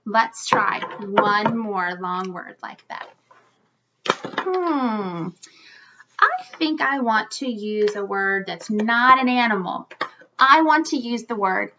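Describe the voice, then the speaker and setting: A woman teaching young children a phonics lesson, sounding out words slowly and encouragingly. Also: fairly high pitch, sharp tone, dull audio.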